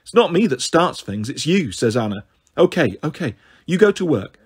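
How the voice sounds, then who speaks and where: A man's voice: fairly high pitch, sing-song, normal speed, slightly rough. A man doing a bitter, tired stepmother. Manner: tired and resentful. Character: weary, bitter adult woman, a stepmother.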